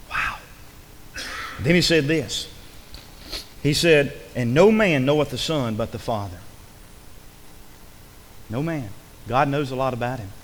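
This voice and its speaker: A man preaching a sermon in a folksy, repetitive way, swinging between loud emphasis and hushed asides. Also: medium pitch, slight background noise. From rural upbringing. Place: church. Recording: long hall reverb.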